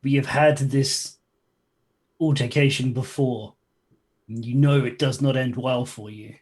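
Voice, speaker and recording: A man voicing a menacing male spectator monster who gives slow, stern warnings during a tabletop game. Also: mid-range voice, steady tone, a little mellow, close to an everyday voice. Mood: threatening.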